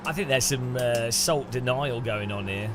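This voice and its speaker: With a mid-range voice at a moderate pace, a British man streams a racing game and chats jokingly with his viewers, teasing them along the way. Music plays under him, and there's background noise.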